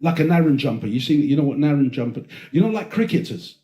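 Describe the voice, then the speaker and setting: A man's voice: a little high, lively intonation, fast talker, mellow. A man hosting a podcast, telling stories in casual chat, rambling, laughing and swearing as he goes. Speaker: podcast host. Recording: roomy echo.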